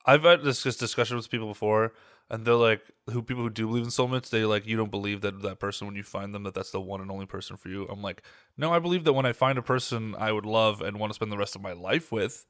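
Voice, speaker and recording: Fast-talking blunt young man, dry sound. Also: lowish voice, a bit bright, clean tone, no room sound. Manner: blunt, teasing and opinionated. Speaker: podcast co-host. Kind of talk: casual chat.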